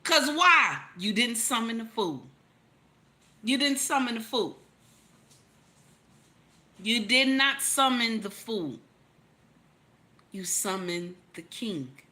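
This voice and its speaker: A woman giving animated relationship advice, emphatic and repetitive, firing rhetorical questions at her audience. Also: a little high, takes it slowly, pauses often. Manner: emphatic, repeats lines for effect, teasing rhetorical questions. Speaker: relationship commentator.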